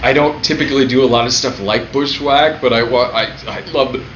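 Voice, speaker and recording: A man's voice: mid-range voice, a little fast. A young man hosting a livestream, chatting casually, laughing often and swearing freely. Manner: laughs often, profane, relaxed. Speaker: livestream host reading questions. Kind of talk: casual chat. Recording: echoey room, dull lo-fi sound, faint noise.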